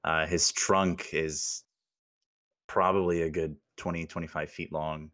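A man's voice: very deep voice, little pitch movement, measured pace, a bit bright. A man narrating a tabletop role-playing game as game master, with descriptive scene-setting and laughing asides.

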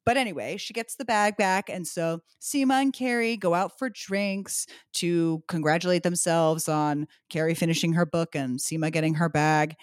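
A woman's voice: on the low side, fairly even intonation, normal speed, few pauses, dry recording, clean studio sound. Chatty, sarcastic woman podcaster. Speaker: podcast co-host. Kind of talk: casual recap chat.

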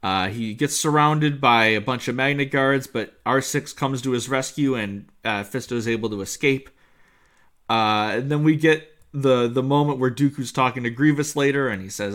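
A man co-hosting a casual chat show, talking with excitement and wandering through his points with plenty of fillers. His voice sits at an ordinary middle pitch. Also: normal speed. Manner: enthusiastic, rambling with many fillers. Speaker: podcast co-host. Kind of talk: casual chat reviewing an episode.

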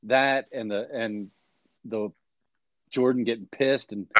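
A man's voice: medium pitch, fairly even intonation, dry recording, muffled recording. Rambling man with dry close sound. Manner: rambling, halting, many fillers. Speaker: podcast host. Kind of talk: casual chat.

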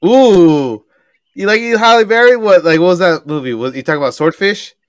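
A young man rattles off stories in a loose, profane podcast chat, laughing often. His voice sits a little high. The sound is dry and close, with no room around it. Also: moderate pace, no room sound. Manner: profane, laughing, animated storytelling. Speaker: podcast co-host. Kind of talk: casual chat.

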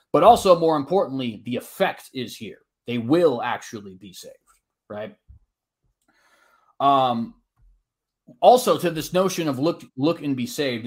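A man at a middle pitch presses his side of a formal debate. He talks earnestly and argumentatively, reads long scripture passages aloud, and keeps tossing in a quick tag question as he goes. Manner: frequent tag questions and "uh" restarts.

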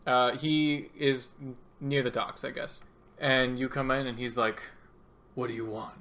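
Brief: young male game master, bright forceful voice, laughing and loose. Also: medium pitch, fairly even intonation, measured pace. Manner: laughing, loose, self-deprecating. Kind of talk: narrating a tabletop game.

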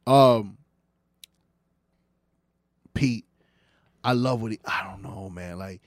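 A man's voice: on the low side, slow pace, no room sound, studio quality. A man co-hosting a comedy podcast, talking in a laid-back, slangy way and tossing in "bro" and "yo" during casual banter.

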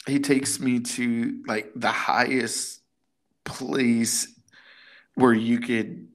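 This is a middle-aged man telling a story in easy, casual chat. His voice sits in an ordinary middle range. He acts out the people in his story with lively quoted voices. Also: medium pitch, very slow.

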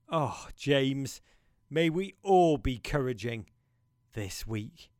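A man's voice: medium pitch, takes it slowly, darkish tone, dry recording, studio quality. A man hosting a podcast, talking in a theatrical, impassioned and playful way. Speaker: podcast host. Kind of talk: podcast monologue.

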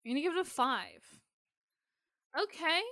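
A woman co-hosting a podcast in casual chat, animated, laughing often and swearing freely. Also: high voice, a little slow, dry recording. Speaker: podcast co-host.

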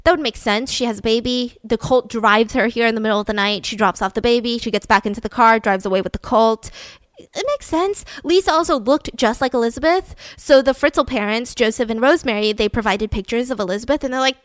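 A woman podcast host telling a true-crime story in a casual, animated way, often indignant and full of "like". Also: fairly high pitch, fairly quick, no echo. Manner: animated and indignant, heavy use of "like".

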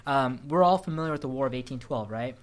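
A man hosting a casual podcast chat, an animated storyteller who often breaks into laughter. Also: mid-range voice, quick pace. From Sri Lankan family. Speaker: podcast host.

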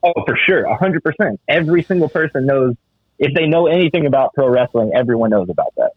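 A man's voice: animated, fast, no room sound. Man on a tinny, dry phone-like line. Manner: loose, profane, laughing, jumps into high mimicking voices. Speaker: podcast co-host. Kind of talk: casual chat.

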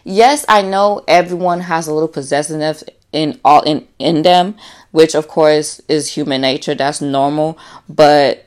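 A low-pitched woman talks straight into her own podcast in a loose, unscripted monologue. She is blunt and freely profane, calls her listeners y'all, and slips into acted-out voices to make a point. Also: unhurried, smooth. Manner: blunt, profane and animated, acts out quotes. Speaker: podcast host. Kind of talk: casual solo podcast monologue.

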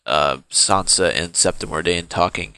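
Casting: male podcast co-host reading aloud, low voice, dry sound. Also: normal speed, pushed and bright, smooth, no room sound. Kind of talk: casual chat.

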